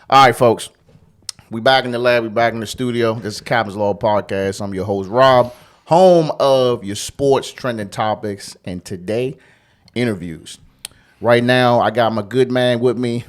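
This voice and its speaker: A man hosting a casual podcast interview, talking in a slangy, laid-back way and often tossing in "you know what I'm saying.". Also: medium pitch. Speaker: podcast host.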